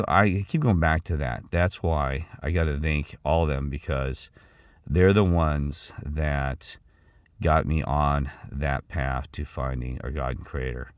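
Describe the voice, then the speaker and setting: A man's voice: very deep voice, clear, resonant tone, dry recording, studio quality. A middle-aged man talking in a rambling personal monologue, repeating himself and restarting often. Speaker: channel host.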